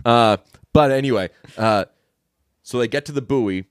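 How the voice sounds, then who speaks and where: A man retells a film's plot in a loose, chatty way, slipping into higher acted voices for each character's lines. His voice sits at a middling pitch and is recorded dry and close, with no room sound. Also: moderate pace, clear, resonant tone, no echo. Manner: animated storytelling, acting out quoted lines in a higher voice. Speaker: podcast co-host. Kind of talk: casual movie recap chat.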